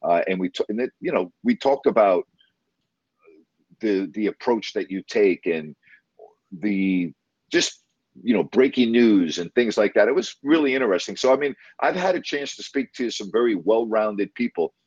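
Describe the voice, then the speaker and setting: Rambling, enthusiastic low-voiced man. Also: animated, normal speed, a little mellow, breathy edge, dry recording, dull audio. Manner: rambling, enthusiastic, many restarts. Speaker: broadcast interviewer. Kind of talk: casual storytelling in conversation.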